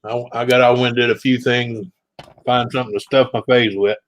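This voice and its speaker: A man's voice: mid-range voice, little pitch movement, a little fast, low-quality recording. A man chatting casually as a guest, easygoing and rambling through stories, saying yeah often. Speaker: regular guest. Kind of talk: casual chat.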